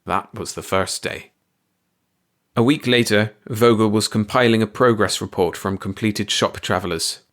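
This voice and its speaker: A man reads a classic short story aloud in a steady, even manner. His voice sits low. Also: normal speed. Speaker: audiobook narrator. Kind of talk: scripted story narration.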